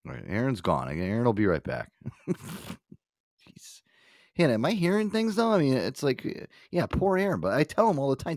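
Brief: male host, casual and profane, very expressive delivery, dry close mic. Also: medium pitch, moderate pace, dry recording. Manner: animated, swears a lot, laughs often. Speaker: podcast host.

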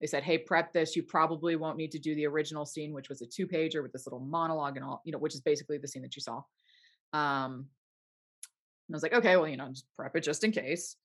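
A woman's voice: low voice, little pitch movement, fast. Bubbly young woman telling a story. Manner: bubbly, laughs often, acts out quotes. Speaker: actor guest. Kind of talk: casual interview storytelling.

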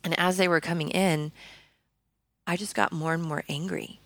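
A woman in her thirties tells her personal story in an earnest, conversational way, often restarting her sentences. Her voice sits low and carries a gravelly fry. The recording is dry and close. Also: fairly even intonation, moderate pace, dry recording. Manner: earnest, frequent fillers and restarts. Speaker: podcast guest.

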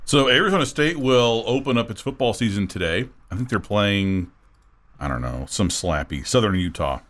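A man's voice: fairly low pitch, lively intonation, moderate pace, a bit bright. A man co-hosting a sports talk radio show, chatting loosely and reading listener messages. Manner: loose and searching, full of fillers. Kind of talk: casual sports talk chat.

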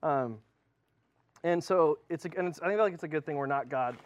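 A man preaching a sermon in a relaxed, chatty way, full of fillers and restarts. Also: a little high, moderate pace, muffled recording. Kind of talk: casual sermon.

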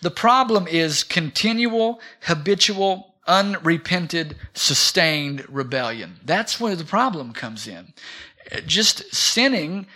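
A middle-aged man preaching a sermon in a church, rousing, calling for amens and swinging between loud and soft. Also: a little high, lively intonation, slow. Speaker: pastor. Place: church sanctuary.

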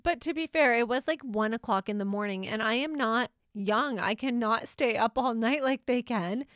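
A woman's voice: on the high side, normal speed, a bit bright, no echo, studio quality. A middle-aged woman co-hosting a podcast, telling family stories in a chatty way and laughing often. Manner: chatty storytelling, laughs often, acts out quotes. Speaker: podcast co-host, mother. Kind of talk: casual chat.

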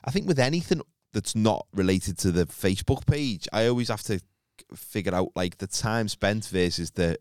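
A man's voice: on the low side, lively intonation, moderate pace, hardly any pauses, a little mellow, clear, resonant tone, dry recording, clean studio sound. A man with a Northern English accent, a podcast co-host reasoning things through in casual banter.

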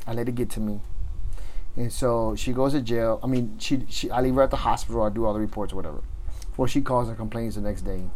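Middle-aged male police officer, casual storyteller, profane, animated. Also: medium pitch, a little hiss or hum, low-quality recording. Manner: profane, animated retelling, acts out others' lines.

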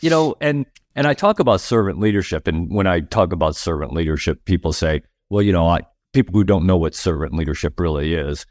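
A man's voice: low voice, lively intonation, brisk, hardly any pauses, darkish tone, dry recording, studio quality. A man in his sixties, a guest on a talk show, speaking firmly and emphatically about leading people, repeating himself to drive a point home. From United States. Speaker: guest, retired army officer. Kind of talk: conversational talk on leadership.

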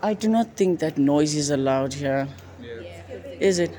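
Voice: mid-range voice, animated, mellow. A chatty podcast host with a bantering manner, talking with friends in a busy coffee shop. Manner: chatty, bantering, quick to laugh. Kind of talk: casual chat among friends. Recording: crowd chatter behind.

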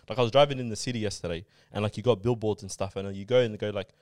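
A low-voiced man rattles through his points at a quick clip, piling on fillers and asides as he explains. The sound is close and dry, with almost no room around it. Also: darkish tone, no echo. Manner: rambling, explains with many fillers. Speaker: podcast co-host. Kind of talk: casual podcast chat.

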